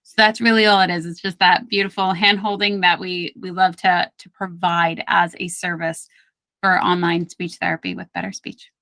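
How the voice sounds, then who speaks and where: Bright-voiced Brooklyn-accented woman, dry sound. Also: fairly low pitch, flat delivery, normal speed, no echo. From Brooklyn, New York. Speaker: speech therapist guest. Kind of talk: podcast interview.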